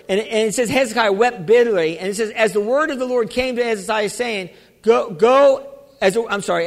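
A man preaches a sermon in a church, his voice set very high for a man. He halts and restarts often, then rises to shouts. A long reverb from the large hall trails behind every phrase. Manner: halting preacher, many restarts, rising to shouts. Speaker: pastor.

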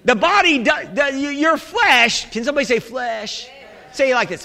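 A male pastor preaching a sermon in an animated, humorous way, calling out to his congregation. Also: very high voice, a little fast, creaky. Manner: animated, humorous preaching with audience call-and-response. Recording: echoey hall.

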